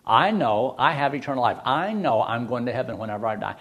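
A man's voice: mid-range voice, brisk, a little hiss or hum. An older man preaching a sermon, telling folksy stories and jokes between Bible verses. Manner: folksy, animated storyteller with jokes. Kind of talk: sermon with storytelling.

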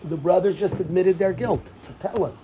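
A man's voice: high-pitched, fairly quick, a little hiss or hum. A man teaching a Torah class as a rabbi, telling the story with energy, acting out the quotes and dropping Hebrew and Yiddish terms into his English. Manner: animated storyteller who acts out quotes and laughs often. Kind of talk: lively Torah class lecture.

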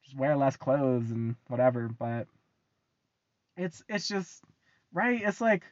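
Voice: medium pitch, big pitch swings, slow pace, no room sound. A young adult with an American accent, delivering a casual ranting monologue to the camera. They swear freely, repeat phrases for emphasis, and laugh often. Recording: dull, lo-fi, dry sound.

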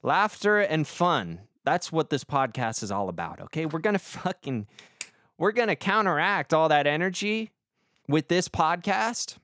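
A man's voice: on the high side, big pitch swings, a little slow, a bit bright, dry recording, clean studio sound. A young man hosting a podcast, telling a rambling comic story, swearing a lot and making fun of himself. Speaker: podcast host. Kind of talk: casual comic monologue.

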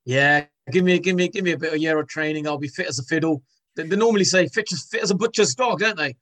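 A man in a casual interview, speaking with a slightly higher voice than most men. He stops and restarts a lot and repeats words as he goes. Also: quick pace, a bit bright. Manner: hesitant, repeats words often. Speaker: guest, former cricketer.

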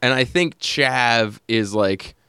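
A man's voice: medium pitch, slow pace, pushed and bright, clean tone, no echo, studio quality. Rambling man hosting a podcast. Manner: rambling, with frequent fillers and laughs. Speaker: podcast host. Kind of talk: casual chat.

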